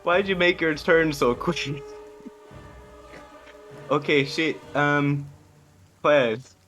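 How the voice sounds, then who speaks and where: A man with a fairly high voice plays at a tabletop game, hesitating and hedging as he decides. He laughs easily and leans on filler words. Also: extremely slow, fairly bright tone, faint music behind, low-quality recording. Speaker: player. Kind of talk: casual tabletop game chat.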